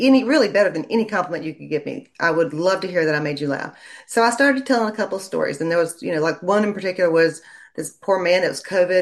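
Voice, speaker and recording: A woman, a lawyer chatting in an interview and telling stories in a lively way. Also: fairly low pitch. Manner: chatty storyteller, animated when quoting people. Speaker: lawyer and legal commentator. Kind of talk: casual interview chat.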